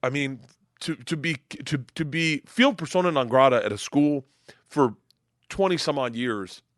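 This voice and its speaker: A middle-aged man from Florida, a comedian guest telling animated, profane stories and acting out quotes loudly. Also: medium pitch, normal speed, no echo, studio quality. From Tampa, Florida. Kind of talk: casual storytelling chat.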